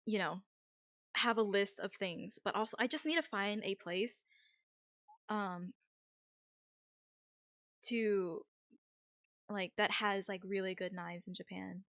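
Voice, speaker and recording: A woman's voice: mid-range voice, takes it slowly, long pauses, a bit bright, no room sound, studio quality. A young woman streamer chatting casually with her viewers, rambling with lots of fillers and frequent laughs.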